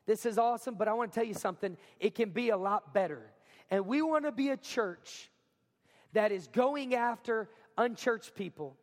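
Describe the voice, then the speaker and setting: Man, pastor, sermon, emphatic and energetic, high voice, long hall reverb. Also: normal speed. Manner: energetic, emphatic, repeats lines for effect. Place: school cafeteria or gym used as a church.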